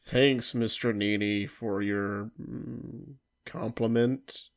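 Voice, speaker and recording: A woman hosting a comedy commentary video, dry, weary and deadpan. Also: extremely low pitch, takes it slowly, creaky. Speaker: host of a commentary show.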